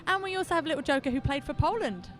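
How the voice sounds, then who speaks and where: A woman's voice: high-pitched, lively intonation, racing, a little hiss or hum. A woman from New Zealand commentating a roller derby game live, chatty and playful, bantering with her co-commentator.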